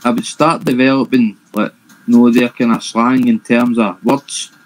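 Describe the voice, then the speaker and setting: A man's voice: medium pitch, fairly even intonation, rough recording. Guy chatting on a stream, kinda puzzled, stops and restarts a lot. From Scotland. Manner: puzzled, halting. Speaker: stream panelist. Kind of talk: casual chat.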